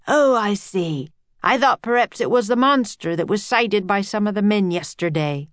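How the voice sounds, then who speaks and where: A woman's voice: medium pitch, moderate pace, dry recording, clean studio sound, natural voice. A woman voicing a portly, jovial older male professor who talks as if giving a lecture. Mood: jovial lecturing. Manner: lecturing, pompous yet twinkly.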